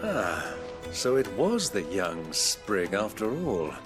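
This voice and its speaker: A genial, worldly older uncle from a video game who talks slowly and wryly. His voice rises and falls with plenty of life, over loud game music. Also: deep voice, wildly swooping pitch, full character voice. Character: jovial older male uncle, worldly nobleman. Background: game soundtrack music.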